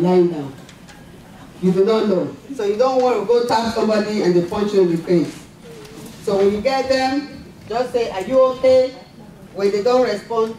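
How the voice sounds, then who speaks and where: A man's voice: sits high, a little mellow. A man teaching CPR to a live class, repeating the key steps and checking in with "okay?". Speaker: CPR instructor. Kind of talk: live first-aid class. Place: large indoor conference hall. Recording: echoey hall from far off, faint noise.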